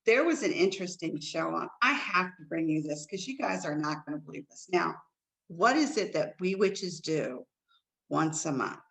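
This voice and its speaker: Animated woman co-host telling stories. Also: moderate pace, creaky, low-quality recording. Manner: animated storytelling, big pitch jumps. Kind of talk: casual chat.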